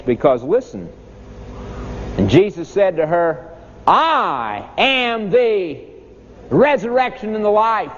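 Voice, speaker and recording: A male preacher with a high voice delivers an emphatic, dramatic sermon. The sound is dull and lo-fi, carried by a long hall reverb with faint noise behind it. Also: darkish tone.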